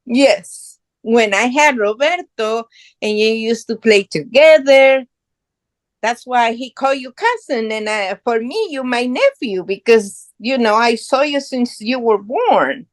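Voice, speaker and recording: Speaking English with non-native phrasing, this middle-aged woman from Guatemala shares her story as a podcast guest, earnest and proud, in relaxed conversation. Her voice sits on the high side, expressive and measured, with no echo.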